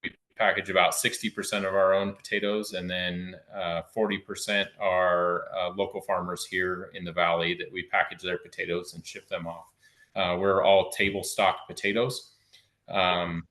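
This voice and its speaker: A man with a very deep voice and a bright, forceful tone, speaking on a video call. He talks haltingly, with many fillers and restarts. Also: little pitch movement. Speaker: agriculture commission member, potato farmer. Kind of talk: casual self-introduction.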